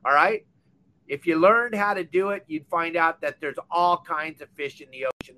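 Fired-up older man, bright and high. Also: a little hiss or hum. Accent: Southern Californian. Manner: fired-up, blunt, scolding. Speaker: fishing podcast host. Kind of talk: impassioned rant. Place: on a boat or dock.

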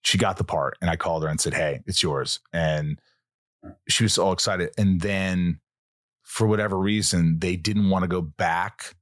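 A man from Southern Indiana hosting a podcast, talking in a relaxed, rambling way with casual swearing. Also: low voice, moderate pace, no echo, clean studio sound. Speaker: podcast host.

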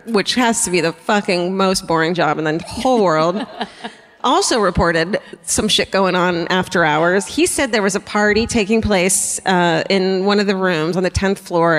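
A woman tells a true-crime story on a theatre stage, casual and profane, breaking into laughs and little acted-out voices. Her voice carries a long reverb from the hall. Her pitch sits in an ordinary middle range. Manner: casual, swearing, laughing asides, acts out quotes. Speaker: podcast co-host. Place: theatre stage before a live audience.

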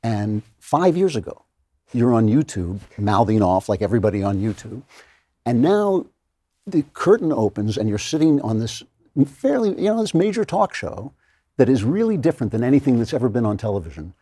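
A middle-aged man hosting a conversational interview, animated, with stammering restarts. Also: medium pitch, moderate pace, husky, no echo. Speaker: interview host.

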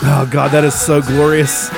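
A man's voice: fairly high pitch, flat delivery, measured pace, creaky, loud music behind the voice. A man hosting a podcast, chatting crudely and jokily, laughing often and swearing freely. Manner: laughs often, jokey and profane. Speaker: podcast host. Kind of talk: casual crude banter.

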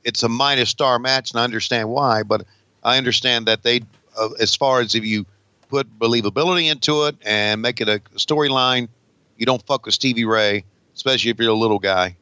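A man with a bright, forceful voice co-hosts a wrestling podcast, often restarting his sentences. The sound is dull and lo-fi, and dry without any room echo. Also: medium pitch, clean tone. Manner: halting restarts, drawled asides. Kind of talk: casual profane banter.

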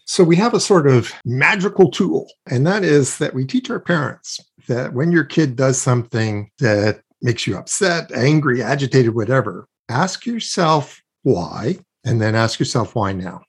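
Husky-voiced male expert guest, earnest explainer, walks through examples. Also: medium pitch, lively intonation, a little slow, hardly any pauses. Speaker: guest expert on child self-regulation. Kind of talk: explanatory interview talk.

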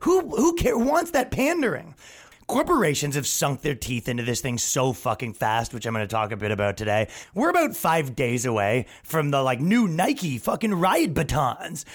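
A man hosting a podcast, ranting in a crude, sarcastic way and mocking others, swinging between loud outbursts and low asides. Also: big pitch swings, normal speed, few pauses. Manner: profane, sarcastic, mocking, with put-on voices for others. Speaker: podcast host and stand-up comedian. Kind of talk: casual ranting monologue.

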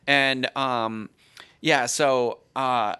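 A man co-hosting a podcast in casual chat, excitable and acting out quotes in high voices. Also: drawn-out words, clean tone, dry recording. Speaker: podcast co-host.

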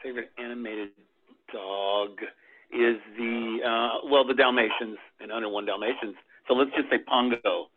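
An animation director, appearing as a guest in a casual interview, answers questions with hesitant ums and easy chuckles. His pitch is medium, his intonation fairly even, and he speaks at normal speed. The audio has a tinny phone-line quality.

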